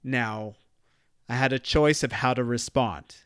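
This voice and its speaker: A man in his thirties talks through a parenting story on his own podcast. He is easygoing and conversational and slips into quoted lines as he goes. His voice sits at a middling pitch and is recorded very dry and close. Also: unhurried, fairly bright tone, clean tone, no room sound. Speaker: podcast host. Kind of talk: solo podcast talk.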